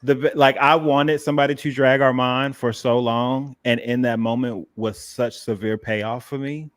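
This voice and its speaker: A man's voice: mid-range voice, fairly even intonation, normal speed, dry recording, clean studio sound. A man co-hosting a casual fan show, playful and emphatic with a sassy edge. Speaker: co-host. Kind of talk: casual chat.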